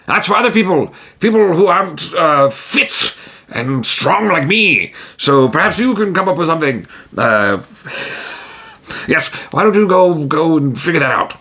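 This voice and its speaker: A pompous, self-proclaimed hero, as a man puts him on for a solo tabletop game. He declaims grandly in a raised, theatrical voice and brags about being fit and strong. His speech is slow and showy. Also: fairly high pitch, animated, vocal fry, sharp tone, pitched above the performer's own voice, full character voice. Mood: boastful. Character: pompous, boastful male adventurer, proud of his strength.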